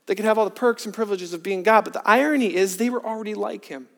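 High-voiced man preaching in a reverberant hall. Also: fast, vocal fry. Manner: earnest, builds from hushed to emphatic with rhetorical questions. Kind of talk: sermon. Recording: long reverb of a large hall.

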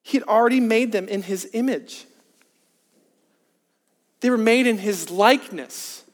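A man with a strikingly high voice delivers an earnest sermon. He drops to hushed, slow emphasis, then presses with emphatic rhetorical questions. His voice rings out with a long reverb in a large church hall. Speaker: preacher.

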